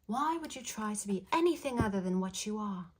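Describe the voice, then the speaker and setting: A woman's voice: mid-range voice, expressive, brisk, a little hiss or hum, lightly acted. A woman putting on a British-accented spirit messenger. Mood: coaxing. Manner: gently coaxing, repeats its question.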